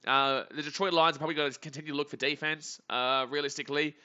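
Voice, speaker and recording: Aussie streamer, high sharp voice, dull lo-fi audio, chats and yells at plays. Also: male voice, fast, smooth. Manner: chatty, reads chat, bursts into excited shouts. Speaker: live stream host. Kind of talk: live game reaction stream.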